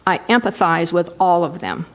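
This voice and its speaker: A woman's voice: lowish voice, moderate pace. A woman in her sixties, a board member giving a firm, persuasive statement at a public meeting. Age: 60s.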